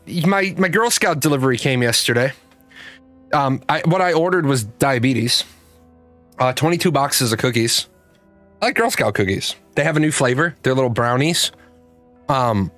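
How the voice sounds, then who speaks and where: A man's voice: a little high, fairly bright tone, dry recording. Chatty man hosting a livestream. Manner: rambling storyteller, restarts, talks to his cat. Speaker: livestream show host. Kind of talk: casual chat with chat readers.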